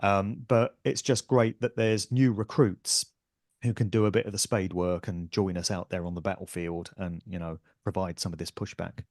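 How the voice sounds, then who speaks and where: A man's voice: low voice, fairly even intonation, normal speed, a little mellow, no echo, studio quality. A man guesting on a podcast interview, talking in an earnest, emphatic way as an author and speaker.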